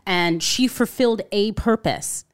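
Animated woman telling a personal story. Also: medium pitch, a little slow, clear, resonant tone. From Connecticut, USA. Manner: animated storyteller, acts out quotes, frequent "you know" and "like". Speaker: podcast guest. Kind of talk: storytelling in a casual interview.

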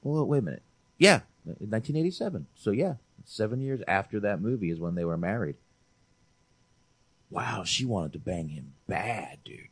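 This movie podcast co-host has a husky, lowish voice and speaks at normal speed, with no echo in the recording. He chats in a lively, casual, profane way, frequently saying "dude" to his friend.

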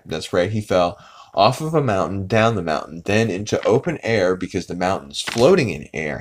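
Low-voiced man rambling through a recap. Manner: rambling and animated, acts out character lines. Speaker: podcast host. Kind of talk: casual episode recap.

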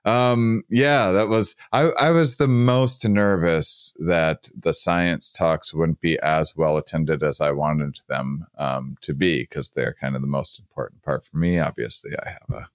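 Deep-voiced, playful podcast host. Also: male voice, unhurried, hardly any pauses, clear, resonant tone, no room sound, studio quality. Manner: playful, energetic banter. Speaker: podcast host and festival organizer. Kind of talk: podcast interview.

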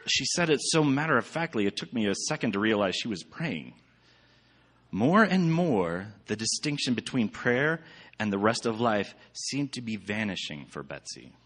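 A man with a fairly low voice gives a relaxed, rambling church talk. He speaks loosely and conversationally, full of fillers and restarts. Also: normal speed. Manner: chatty, rambling, with many fillers. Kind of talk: casual sermon with slides.

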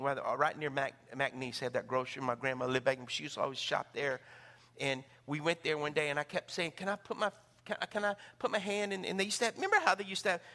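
Middle-aged male pastor preaching, animated storyteller, bright gravelly voice. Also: a little high. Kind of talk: sermon.

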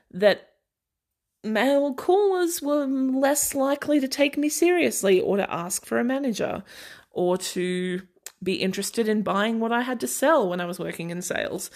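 An Australian woman hosting a podcast, talking casually on her own in a chatty, sarcastic way and laughing often. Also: medium pitch. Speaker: podcast host. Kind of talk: casual solo chat.

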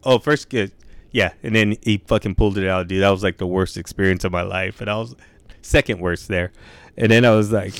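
Laid-back swearing young man, smooth voice. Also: low voice, fairly even intonation, brisk, no room sound. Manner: laid-back, swears a lot, says dude and bro. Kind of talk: casual storytelling chat.

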